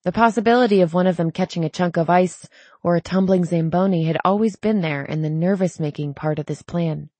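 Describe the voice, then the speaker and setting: Woman narrator for a young-adult novel, slightly low voice, dry booth sound, steady delivery. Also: brisk, dry recording. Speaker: audiobook narrator. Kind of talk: scripted narration.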